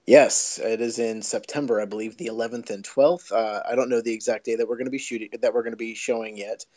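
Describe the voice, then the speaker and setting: A man appears as a guest on a podcast, talking about his work as a filmmaker. He tells stories in a chatty, excitable way, in a middle-pitched voice. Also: fast. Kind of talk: casual podcast chat.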